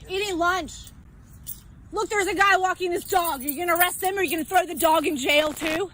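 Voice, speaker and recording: High, shrill, yelling mother. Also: brisk, low-quality recording. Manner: yelling, defiant, repeats herself. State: upset. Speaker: mother confronting police. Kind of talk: heated confrontation. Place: outdoors in a public place.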